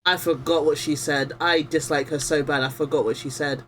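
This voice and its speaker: A woman's voice: low voice, steady tone, normal speed, fairly bright tone, soft background music. A young woman streaming a game, chatting bluntly and casually while playing, often laughing. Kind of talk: casual gameplay commentary.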